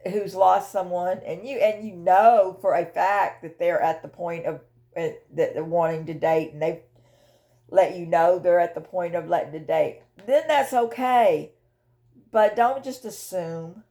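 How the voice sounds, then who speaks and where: An older woman speaks slowly in a low, gravelly voice, recording a personal grief vlog. She is emotional and halting, circling back and repeating words as she finds her way. Her delivery is unhurried and heartfelt. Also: warm tone. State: widowed, tearful. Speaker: vlogger sharing her grief journey.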